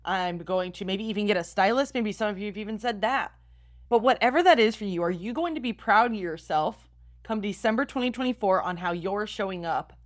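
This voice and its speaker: An upbeat young woman hosts a motivational podcast. She talks straight to her listeners and coaches them along with plenty of encouragement. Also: mid-range voice. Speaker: podcast host and style coach.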